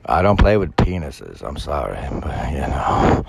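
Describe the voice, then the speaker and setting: A man with an extremely deep, gravelly voice that drags along at a slow, lazy pace. He rambles to his viewers in crude, profane banter. A steady hiss of background noise sits under his talk. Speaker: vlogger playing music.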